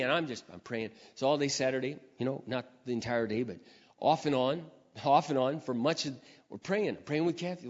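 An older man preacher telling a personal story in a sermon, acting out his prayers and phone calls with lively emotion. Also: a little fast. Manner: animated storyteller, acting out his own prayers with rising pitch. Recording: dull reverberant hall sound.

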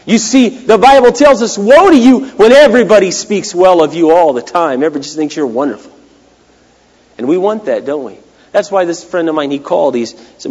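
A man preaching a sermon, swinging between loud cries and hushed, quiet lines. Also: sits high, lively intonation, moderate pace. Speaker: pastor. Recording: long hall reverb.

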